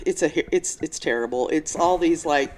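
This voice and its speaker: A woman's voice: low-pitched, moderate pace, a little mellow. A woman co-hosting a casual podcast chat, gossipy, crude and joking. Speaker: podcast co-host.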